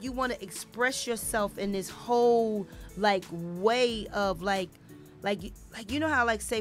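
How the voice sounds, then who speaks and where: Woman host chatting, keeps stopping to find the right words, faint music under it. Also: mid-range voice. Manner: halting, searching for words. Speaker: show host. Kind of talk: casual talk show conversation.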